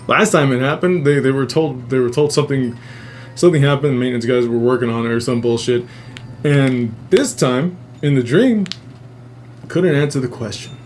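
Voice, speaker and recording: A man's voice: medium pitch, moderate pace, a little hiss or hum. A man hosting a podcast, telling a strange dream story in a casual, profane way and acting out the quotes. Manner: profane, animated retelling with acted-out quotes. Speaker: podcast host.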